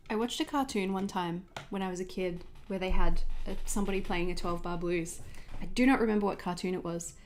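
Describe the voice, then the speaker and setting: A woman's voice: on the low side, a little fast, few pauses, darkish tone, slight background noise. A woman in her thirties chatting casually and rambling at her home desk while she sets up her journal on a livestream. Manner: chatty, rambling, easily sidetracked. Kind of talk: casual chat while crafting.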